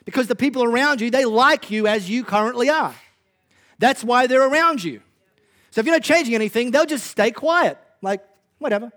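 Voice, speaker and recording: Aussie pastor guy preaching, highish voice, chatty and punchy, cracks dry jokes. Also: fairly bright tone. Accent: Australian. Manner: conversational, punchy, self-deprecating humor. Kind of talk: sermon.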